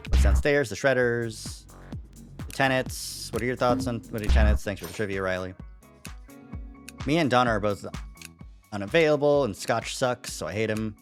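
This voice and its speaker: A streamer playing through a story game live, reading choices aloud with wry, deadpan asides. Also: medium pitch, moderate pace, long pauses, faint music behind.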